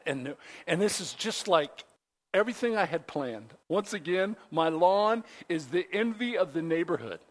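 A high-voiced man delivers a sermon as a folksy, rambling story. He talks casually to his listeners and fills the gaps with plenty of fillers and restarts. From Pacific Northwest. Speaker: pastor.

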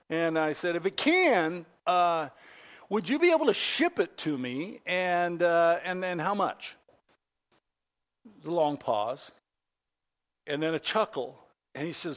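A high-voiced man delivers a sermon as a folksy, rambling story. He talks casually to his listeners and fills the gaps with plenty of fillers and restarts. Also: expressive, a little slow, fairly bright tone. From Pacific Northwest. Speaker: pastor.

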